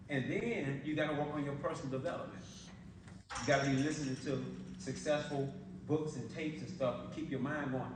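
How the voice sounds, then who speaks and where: A man giving a motivational sales presentation, telling stories in colloquial talk and laughing often. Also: on the high side. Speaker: business opportunity presenter. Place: event hall. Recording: echoey hall, distant mic, noise.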